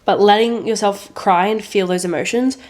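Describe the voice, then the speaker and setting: A young woman co-hosting a podcast, telling personal stories in casual chat. Her voice sits at an ordinary middle pitch. She talks earnestly and with feeling, and swears freely. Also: fairly even intonation, normal speed, a little mellow. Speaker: podcast co-host.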